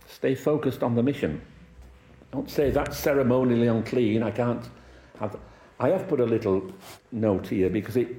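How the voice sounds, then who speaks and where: A man's voice: medium pitch, gravelly, warm tone. A middle-aged man from Wales preaching a sermon in a conversational, anecdotal way, with chuckles and acted-out quotes. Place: church hall. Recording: echoey church room.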